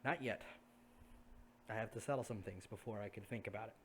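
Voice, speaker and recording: A man voicing a patient young woman tailor who teases with dry calm in a tabletop game. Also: fairly low pitch, brisk, slight background noise, natural voice. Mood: teasing. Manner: dry, patient, gently teasing.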